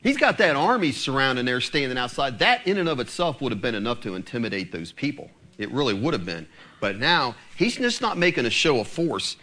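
A man preaching a sermon to his congregation, emphatic and animated, speaking to them directly. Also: mid-range voice, fairly quick. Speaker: pastor.

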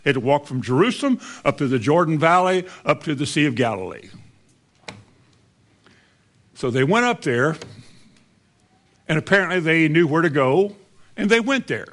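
A man's voice: a little high, animated, moderate pace, pauses often, fairly bright tone. A man preaching a sermon as a pastor, telling the story in a folksy, conversational way.

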